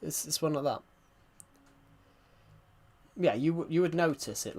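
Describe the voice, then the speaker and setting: A man's voice: on the high side, sing-song, a little slow, long pauses, darkish tone. A man with a thick West Country accent, chatting casually to viewers on a live stream, rambling and repeating himself as he talks. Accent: West Country English. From rural England. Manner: rambling, repeats phrases, keeps addressing viewers as guys.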